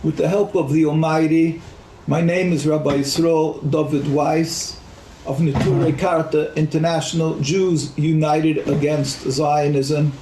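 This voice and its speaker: A man with a fairly high voice speaks as a rabbi in a measured, prayerful way. His voice rings in an echoey room with faint noise behind. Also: little pitch movement, mellow. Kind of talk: speech at an online rally.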